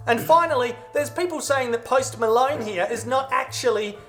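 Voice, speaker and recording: A man's voice: extremely high pitch, normal speed, faint music behind. An Australian man giving crude, mock-outraged comedic commentary on clips. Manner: profane, mock-outraged, animated. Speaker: comedy video narrator.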